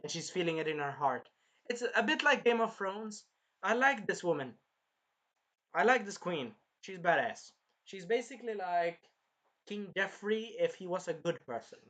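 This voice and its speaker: A young man hosting his own channel, recapping an anime episode in casual chat, animated and swearing now and then. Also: high-pitched. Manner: animated, swears, bursts into loud acted-out quotes. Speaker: anime reviewer and channel host.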